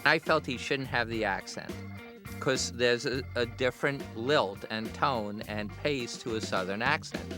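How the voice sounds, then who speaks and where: A middle-aged man, a film director, telling relaxed anecdotes in a commentary interview. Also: mid-range voice, a little slow, over music.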